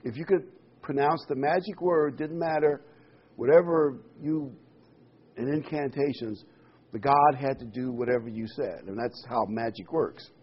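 A man preaching a sermon, reading Bible verses aloud and explaining them with lively asides and a joke. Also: medium pitch, normal speed, breathy edge. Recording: dull lo-fi sound.

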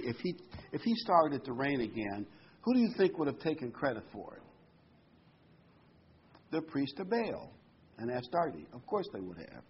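A man's voice: medium pitch, highs cut off, slight background noise. A man preaching a sermon, retelling a scripture story with many asides and fillers.

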